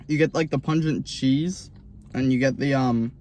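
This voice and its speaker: A man's voice: mid-range voice, moderate pace, darkish tone. A man hosting a casual food review, upbeat and loosely rambling with fillers, recorded at a convenience store.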